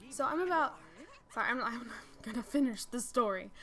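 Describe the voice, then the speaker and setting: A young adult woman telling an animated story over gameplay, full of "like" fillers. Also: fairly high pitch, normal speed. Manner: animated, breathless retelling with many "like" fillers. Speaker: gaming channel host.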